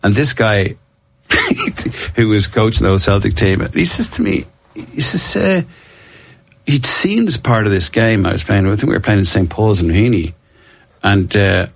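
Brief: a middle-aged man, husky and fairly low-pitched, loose and self-mocking as he tells his stories. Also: lively intonation, a little slow. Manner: rambling, self-mocking, laughs often. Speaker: guest. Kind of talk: casual anecdotal interview.

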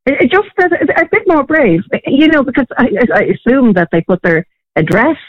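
A man joins a talk show over a tinny phone line, his voice pitched high. He speaks hesitantly and restarts often. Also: very animated, moderate pace. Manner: hesitant, many restarts and fillers. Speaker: radio show guest. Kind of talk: casual chat on a phone line.

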